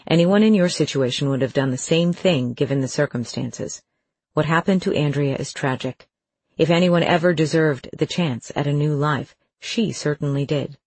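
A narrator voicing a calm, measured female detective who speaks steadily and with sympathy, in an audiobook. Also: low voice, breathy edge, no echo. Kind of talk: audiobook character voice.

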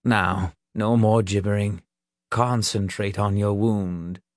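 A scornful old witch sneers and scolds in a low, hushed voice, as a man reads her aloud. She drags her words out slowly, never hurrying. The sound is dry and close. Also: fairly even intonation, no echo.

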